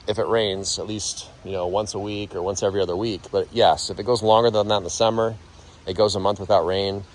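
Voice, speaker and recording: A man's voice: on the low side, a little hiss or hum. A man hosting a gardening channel, giving a casual, rambling tutorial outdoors in his garden and correcting himself as he goes. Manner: rambling, conversational, self-correcting.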